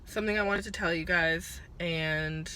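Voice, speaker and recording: A woman in her twenties rambling through a personal vlog on a break at work, halting and stumbling as she holds back tears. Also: on the low side, steady tone, sharp tone, a little hiss or hum. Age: 20s. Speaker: vlogger.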